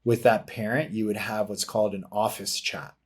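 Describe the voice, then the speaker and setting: A man's voice: fairly low pitch, little pitch movement, moderate pace, slightly rough. A man appearing as a podcast guest, a martial arts business consultant explaining step by step, with many fillers. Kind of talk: casual podcast conversation.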